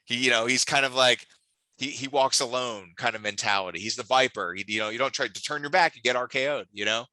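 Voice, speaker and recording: Bright-voiced enthusiastic man. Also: medium pitch, fast, no echo, rough recording. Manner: enthusiastic, teasing, talks in restarts. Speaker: podcast co-host. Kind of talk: casual wrestling chat.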